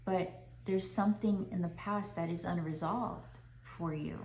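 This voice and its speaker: A woman voicing God as a tender, loving heavenly father who speaks softly and consolingly, often half-whispering. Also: on the low side, steady tone, a little slow, slight background noise. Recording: roomy echo.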